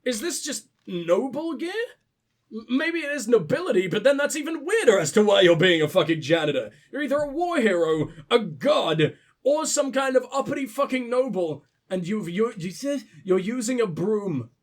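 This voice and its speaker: A man's voice: sits high, sing-song, moderate pace. A young man with sniffles, commentating his gameplay in a profane, rambling, joking way. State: sick with sniffles. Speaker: let's play host.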